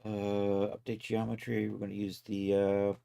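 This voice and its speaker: A man casually talking himself through each step of a software task on a live stream, loose and self-mocking. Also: on the low side, monotone, moderate pace, vocal fry, smooth. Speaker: livestreaming 3D content creator.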